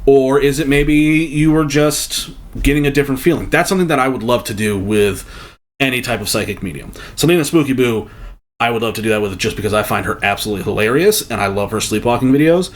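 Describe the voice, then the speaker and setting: A man giving casual, thoughtful commentary on a video, reasoning out loud with many fillers. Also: mid-range voice, quick pace. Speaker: reaction video host.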